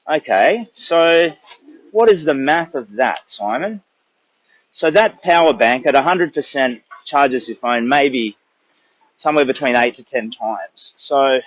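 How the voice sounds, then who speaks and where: A man's voice: medium pitch, dry recording, lo-fi sound. An older man with an Australian accent, chatting in a rambling, casual way on a livestream during a long charity walk. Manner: rambling, chatty, thinks aloud.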